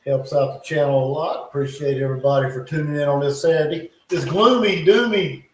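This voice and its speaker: Man, casual live football reaction, chatty, slightly high voice, echoey room. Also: brisk, darkish tone, slight background noise. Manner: chatty, thinks aloud, muttering asides. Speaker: livestream host reacting to football. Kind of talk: casual live game commentary. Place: home in North Carolina.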